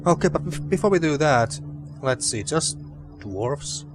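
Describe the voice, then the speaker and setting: A man casually commenting on an adventure game as he plays, thinking out loud. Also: fairly high pitch, animated, a little slow. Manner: rambling, thinking aloud with restarts. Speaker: let's play host. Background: game music.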